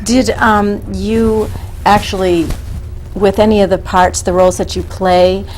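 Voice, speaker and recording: A woman's voice: mid-range voice, flat delivery, unhurried, a little mellow, a little hiss or hum, rough recording. A woman interviewing an actress, asking questions with stumbling restarts. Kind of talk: casual interview.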